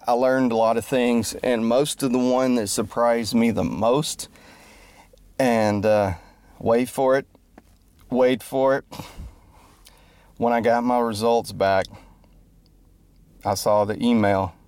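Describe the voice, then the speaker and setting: Rambling, joking man with a low voice. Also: a little mellow. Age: adult, grew up before the internet. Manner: joking, self-deprecating, loses his train of thought. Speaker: musician and entertainer. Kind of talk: rambling self-introduction monologue. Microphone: close mic.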